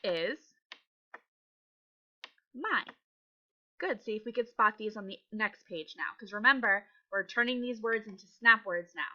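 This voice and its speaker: Bright, encouraging woman teacher. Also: medium pitch, expressive, unhurried, long pauses, lo-fi sound. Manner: patient, encouraging, sounds out letters. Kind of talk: reading lesson for young children.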